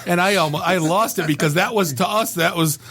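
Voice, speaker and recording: A man on a casual podcast, telling old stories in an excited, nostalgic way. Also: high-pitched, brisk, slightly rough.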